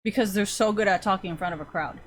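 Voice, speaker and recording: A woman's voice: mid-range voice, quick pace, breathy edge. Rambling, swearing woman streamer. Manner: rambling, profane, frequent fillers. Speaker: streamer chatting with viewers. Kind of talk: casual chat.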